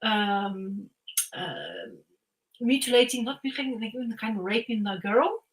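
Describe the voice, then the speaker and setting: On a podcast, a young female co-host with a mid-range voice speaks at a moderate pace. She rambles animatedly through a comic's storyline, often using fillers and starting over, in a rough recording.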